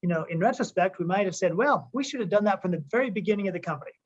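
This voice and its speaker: A man's voice: sits high, expressive, racing. A man, a company co-founder, giving an upbeat conference call pep talk, rambling with frequent restarts. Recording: muffled lo-fi call audio.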